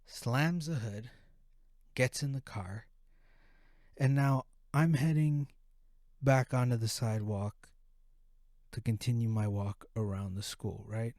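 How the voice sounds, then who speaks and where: A man's voice: mid-range voice, slow, long pauses, a little mellow, dry recording, clean studio sound. A man hosting a podcast who tells a profane, rambling story in a casual way. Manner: profane, rambling, full of restarts. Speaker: podcast host.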